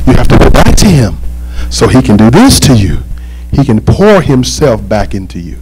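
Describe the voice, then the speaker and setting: A man preaching a sermon as pastor, animated and joking, with call-and-response asides to the congregation. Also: mid-range voice, moderate pace, slightly rough, rough recording.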